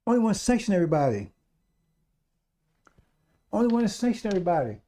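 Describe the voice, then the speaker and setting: Fervent preacher man, mellow tone. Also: high voice, sing-song, quick pace. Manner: fervent, repetitive, rising to loud exhortation; addresses listeners as brothers and sisters. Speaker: radio preacher. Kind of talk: streetwise radio sermon.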